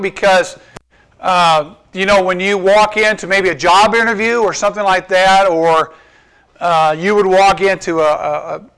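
High-voiced man preaching a casual sermon. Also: a bit bright, smooth. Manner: asks the congregation rhetorical questions, slows down for emphasis. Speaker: pastor. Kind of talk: conversational sermon.

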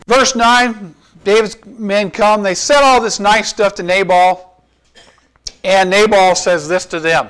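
A man's voice: high voice, a bit bright. A man giving a sermon, retelling and explaining a scripture passage in a conversational way with rhetorical questions. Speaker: pastor.

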